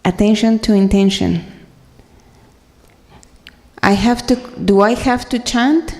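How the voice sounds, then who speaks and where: Woman, devotional speaker, earnest and halting, raspy fry, reverberant hall. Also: mid-range voice, darkish tone. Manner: earnest, halting, many fillers and restarts. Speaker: speaker sharing at a devotional gathering. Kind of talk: personal talk to a congregation.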